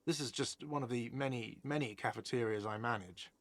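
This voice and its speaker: A man's voice: mid-range voice, brisk, fairly bright tone, lightly acted. A man playing a whiny, petty cafeteria manager. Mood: defensive. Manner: defensive, sarcastic. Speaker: game character.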